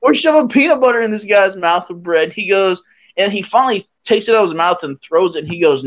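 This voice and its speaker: A young man, the podcast host, telling a drinking story in a casual, animated way and laughing as he acts out what people said. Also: sits high, brisk. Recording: dull lo-fi sound.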